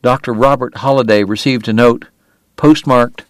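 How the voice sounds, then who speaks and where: A man's voice: medium pitch, steady tone, normal speed, dry recording. A man narrating an audiobook in a lyrical, dramatic style that builds in intensity.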